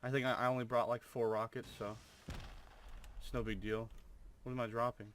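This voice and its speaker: A man's voice: mid-range voice, level tone, moderate pace, fairly bright tone, slight background noise. A young man commentating his own gameplay, full of over-the-top amazement and swearing. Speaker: gamer.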